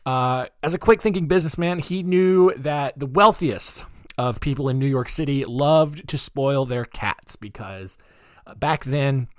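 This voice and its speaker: A podcast host with a deep, groggy morning voice tells odd history stories with sarcastic asides. His delivery is loose and rambling, full of "uh" and "um," and it sounds dry and close to the mic. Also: no room sound. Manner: rambling, jokey asides, frequent fillers. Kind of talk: casual comedic storytelling.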